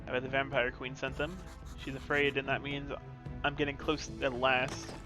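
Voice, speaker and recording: A man's voice: mid-range voice, monotone, normal speed. Man reading game dialogue over music.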